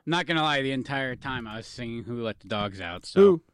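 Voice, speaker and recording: Chill podcast dude, quick asides, laughs easy, dry mic. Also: male voice, mid-range voice, expressive, clean tone, no room sound. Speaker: podcast co-host. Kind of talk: casual chat.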